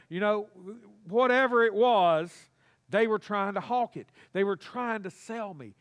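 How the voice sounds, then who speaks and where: A male pastor delivers a sermon in a church sanctuary. His voice sits high for a man, and his delivery is animated and folksy, often calling on the congregation to respond. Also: measured pace, smooth.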